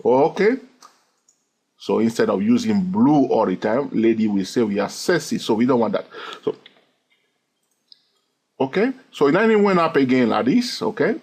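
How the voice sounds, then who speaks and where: A man's voice: medium pitch, big pitch swings, unhurried, long pauses, a little mellow, breathy edge. A man teaching a chart-reading lesson, who keeps checking in with his listeners and counts the waves aloud. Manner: checks in constantly with "okay?" and "yes or no?". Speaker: trading instructor.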